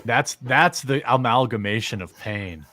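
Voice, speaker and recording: A man's voice: medium pitch, animated, a little slow, pushed and bright, no echo. A man hosting a casual livestream, rambling and joking with frequent laughter. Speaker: streamer host.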